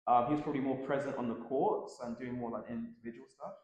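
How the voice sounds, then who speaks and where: A man's voice: mid-range voice, fast talker, muffled recording. Laid-back man, echoey room. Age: 30s. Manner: relaxed, filler-heavy, laughs often. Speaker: tennis coach, guest. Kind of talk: casual interview chat.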